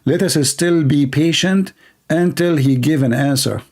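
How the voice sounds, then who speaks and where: Slow, gravelly, sarcastic male commentator. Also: fairly high pitch, darkish tone. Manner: sarcastic, teasing, laughs at his own jokes. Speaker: commentator reading viewer comments. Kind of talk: mocking live-stream commentary.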